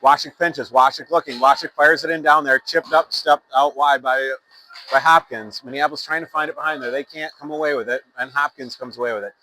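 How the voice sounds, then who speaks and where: Speaking a little fast in a bright, forceful voice on the high side, this amateur hockey announcer keeps his intonation fairly even. He rambles through the youth game with fillers and corrections, reading sponsor plugs between plays, over poor audio with a little hiss or hum.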